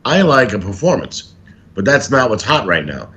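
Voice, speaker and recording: A stand-up comedian guest telling showbiz stories in a casual interview, animated and acting things out as he talks. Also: fairly low pitch, normal speed. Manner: animated, acts out stories and quotes.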